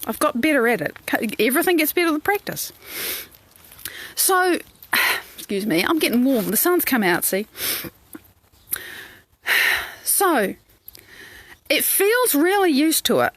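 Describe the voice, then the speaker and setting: A woman's voice: sits high, fairly bright tone, no room sound. A woman coach, talking in a live coaching stream, acting out quoted inner voices with lots of expression. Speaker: life coach. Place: outdoors in the sun.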